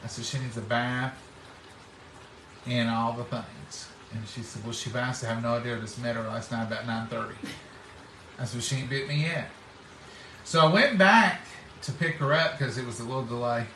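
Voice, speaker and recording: A man's voice: medium pitch, moderate pace, pushed and bright, slight background noise. A middle-aged man, telling homespun stories in casual chat and acting out what people said. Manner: folksy, acts out quoted speech. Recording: roomy, distant mic.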